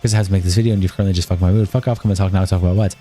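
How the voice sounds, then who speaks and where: A man on a live stream, reading a long document of text messages aloud in a rapid, flat run. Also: low-pitched, soft background music.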